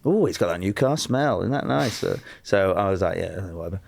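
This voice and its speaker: A man's voice: on the low side, expressive, normal speed, creaky, a little mellow, dry recording. A man, a comedian telling a rambling, self-mocking story as a podcast guest, laughing often. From Lancashire, England. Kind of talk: casual anecdote telling.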